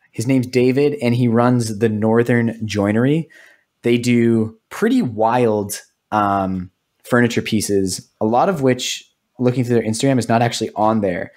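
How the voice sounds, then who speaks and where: A man's voice: medium pitch, a little mellow. A man co-hosts a casual podcast at an easy, hesitant pace. He stretches out his phrases and fills the gaps with "um". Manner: hesitant, drawn-out, many "um"s. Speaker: podcast co-host. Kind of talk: casual chat.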